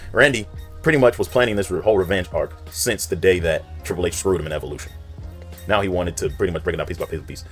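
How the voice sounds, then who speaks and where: A young man giving casual countdown commentary, recapping storylines in a rapid, animated way with plenty of slang. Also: sits low, husky. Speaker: video creator.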